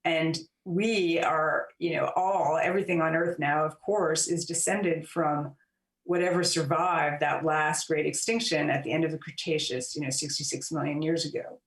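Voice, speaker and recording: A woman author and journalist, a guest in an interview, giving long, measured explanations with frequent fillers. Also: deep voice, steady tone. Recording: roomy and distant from the mic.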